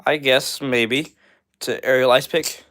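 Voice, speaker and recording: A man's voice: medium pitch, steady tone, slow pace, fairly bright tone. A young man hosting a live stream, reading out viewer comments and answering them in a friendly, upbeat way with lots of "all right" and "bro".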